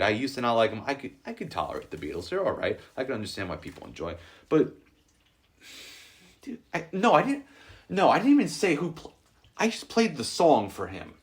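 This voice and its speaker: Speaking fairly quickly at a medium pitch, a young podcast host runs his show unedited. He rambles through lengthy stories with animation, leaning heavily on fillers in a casual, chatty way.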